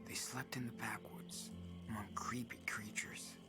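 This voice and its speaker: Brief: actor as hushed fable whisperer, whispered role-play, under loud music. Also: mid-range voice, flat delivery, a little slow, natural voice. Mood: hushed storytelling. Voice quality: hushed, gentle storybook telling. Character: storyteller whispering a children's fable. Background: loud game music.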